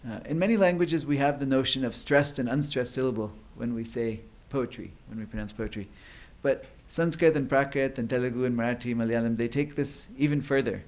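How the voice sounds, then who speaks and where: A man's voice: mid-range voice, a little fast, hardly any pauses, darkish tone. A man giving an academic lecture at a conference. He explains at length, with many fillers and restarts. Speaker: conference speaker.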